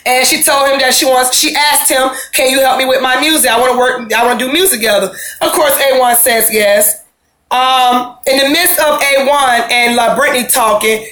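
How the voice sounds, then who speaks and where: A high, bright-voiced woman talks through a reality show episode in a chatty, opinionated way. She drops into slang and acts out what people said. The sound bounces around an echoey room. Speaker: reality TV recap host. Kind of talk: casual recap commentary.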